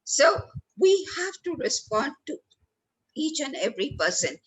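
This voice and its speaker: A woman's voice: high voice, very animated, unhurried, low-quality recording. A woman leading a training workshop, stressing words for effect and speaking to listeners by name. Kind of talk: lively training talk. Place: lecture hall.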